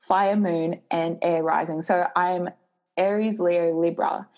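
A woman's voice: lowish voice, fairly even intonation, slow pace, a little mellow. A woman co-hosting a casual chat, playful and teasing, laughing often. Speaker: podcast co-host.

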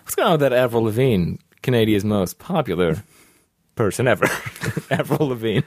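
A man's voice: fairly low pitch, lively intonation, moderate pace, no room sound, studio quality. A man co-hosting a comedy podcast, going along with the bits in a laid-back, chuckling way. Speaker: podcast co-host. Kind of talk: improvised comedy banter.

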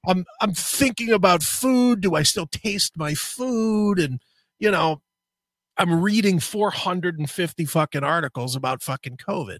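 A man with a bright, forceful voice rambles through a story in casual chat, cursing constantly and winding himself up as he goes. His voice sits a little high for a man. The mic sound is close and dry. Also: a little slow, no echo. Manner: profane, animated storyteller. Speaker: co-host.

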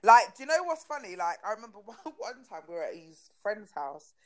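A young woman, a podcast co-host telling stories in frank, animated casual chat and swearing freely. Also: medium pitch, a little fast, low-quality recording.

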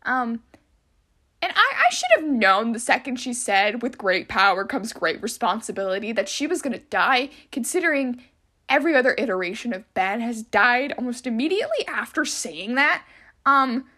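A woman's voice: a little high, very animated, normal speed, bright, forceful tone. A young woman hosting a casual solo podcast, rambling and chatty with lots of filler words. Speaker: podcast host.

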